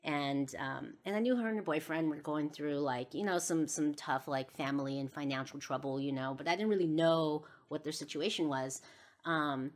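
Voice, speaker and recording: A woman's voice: deep voice, moderate pace. A woman hosting a podcast, telling a personal story in a rambling way with many fillers. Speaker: podcast host.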